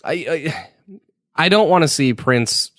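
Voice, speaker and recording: A man co-hosting a podcast in casual chat, animated and swearing now and then, acting out little back-and-forth exchanges. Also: on the high side, unhurried, dry recording, clean studio sound. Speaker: podcast co-host.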